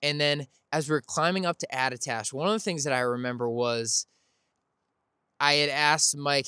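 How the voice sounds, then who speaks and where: Chatty man telling a story, smooth voice. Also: fairly high pitch, moderate pace, bright, forceful tone, no echo, studio quality. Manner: rambling, self-correcting, laughs while telling. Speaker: podcast host. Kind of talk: casual storytelling recap.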